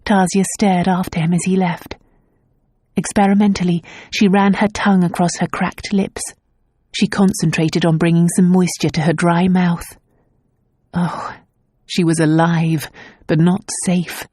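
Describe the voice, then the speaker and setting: A woman narrating a romance novel audiobook in a calm, measured way. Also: lowish voice, husky, no echo, studio quality. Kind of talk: scripted narration.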